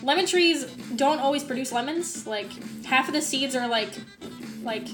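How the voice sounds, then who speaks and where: A woman's voice: high-pitched, normal speed, music in the background. A woman from Canada chatting casually to her viewers on a home live stream, rambling with fillers and the odd swear word. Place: home, indoors.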